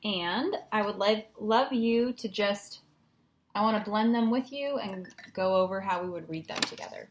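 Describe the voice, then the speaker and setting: A woman's voice: mid-range voice, normal speed, background noise. A woman teacher giving a patient, encouraging phonics lesson at a whiteboard, sounding out syllables.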